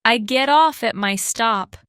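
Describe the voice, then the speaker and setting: A woman reads a slow English lesson for learners, each short sentence set apart with care. Her voice is bright and a little high. The sound is dry and close, with no room around it. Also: clean tone, no room sound. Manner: slow, careful, evenly spaced sentences. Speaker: podcast host and English teacher.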